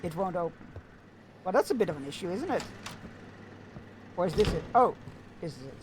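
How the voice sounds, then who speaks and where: Chatty man with a high voice. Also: very animated, a little fast, noisy background. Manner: chatty, musing, with fillers and chuckles. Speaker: streamer. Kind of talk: casual gameplay commentary.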